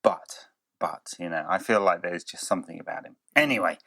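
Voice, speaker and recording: A man's voice: low voice, a little fast, creaky, pushed and bright, dry recording. A man co-hosting a football podcast who talks hesitantly, stammers often and laughs a lot. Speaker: podcast co-host. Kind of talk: casual football chat.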